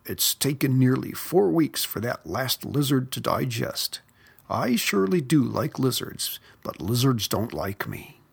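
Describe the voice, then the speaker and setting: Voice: medium pitch, very animated, unhurried, gravelly, slightly rough, exaggerated voice. A storyteller voicing a lazy, grumbling old male snake in a storybook. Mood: groaning. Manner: grumbling, groaning.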